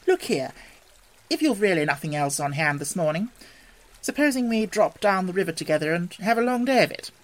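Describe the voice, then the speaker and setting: A genial male water rat, voiced by a storybook reader, easygoing and expansive, rolling out his words with dreamy enthusiasm. The voice sits at a middling pitch and sounds pleasant and unhurried. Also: very animated, natural voice. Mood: cheerful. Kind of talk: storybook reading.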